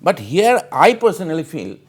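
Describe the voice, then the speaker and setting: Doc from on a tv panel, earnest, kinda high voice. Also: male voice, very animated, normal speed, breathy edge. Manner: earnest, fillers like "you know", pressing his point. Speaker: doctor and panelist. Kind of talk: TV panel debate discussion.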